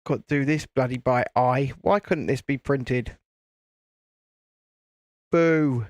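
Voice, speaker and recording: A man's voice: mid-range voice, fairly even intonation, measured pace, dry recording. A man hosting a live stream, chatting casually and rambling while he builds a set, with the odd casual swear. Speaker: channel host.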